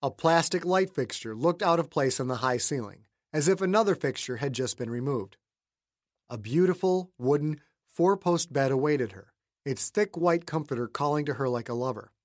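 Male audiobook narrator, slightly high voice, measured, dry close mic. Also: lively intonation, no room sound. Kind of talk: scripted narration.

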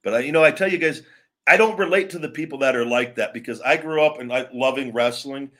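Fast-talking and medium-pitched, a live wrestling show host launches a profane, aggressive rant against online trolls. He later talks more calmly and loosely, rambling and restarting as he goes.

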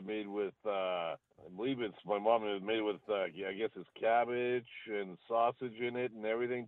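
A man's voice: lowish voice, no echo. A male caller leaving a phone message, enthusiastic but hesitant, full of ums and uhs. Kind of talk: phoned-in voicemail. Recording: dry tinny phone line.

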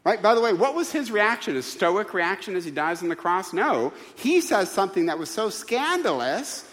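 Pastor guy preaching, lively up-and-down voice, keeps asking the crowd stuff, big hall reverb. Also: high-pitched, normal speed. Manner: emphatic preacher, asks the crowd rhetorical questions. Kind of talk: sermon. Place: church sanctuary.

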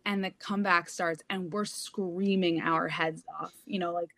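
A woman's voice: on the low side, fairly even intonation, normal speed, fairly bright tone, no room sound. A young woman co-hosting a casual sports podcast, telling a family story in a chatty way. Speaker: podcast co-host.

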